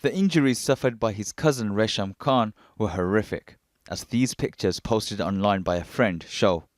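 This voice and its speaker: Low-voiced male news reporter, dry voice-over. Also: dry recording. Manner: measured, matter-of-fact delivery. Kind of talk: scripted news narration.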